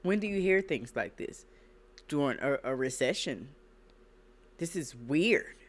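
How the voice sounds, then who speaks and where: A woman's voice: sits low, lively intonation, a little slow. A woman hosting reaction commentary, emphatic and preachy, repeating her points. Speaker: reaction channel host. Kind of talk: casual commentary.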